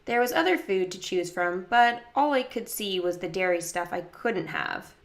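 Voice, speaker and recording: A woman narrating a children's book in the first person, lively, jumping up to higher pitch for other characters' lines. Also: moderate pace. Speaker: audiobook reader.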